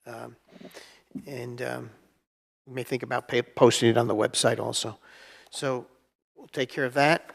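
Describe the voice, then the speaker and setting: A man presiding over a village council meeting, speaking in a halting way with many ums and uhs. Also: mid-range voice, level tone, creaky. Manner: halting, with frequent fillers.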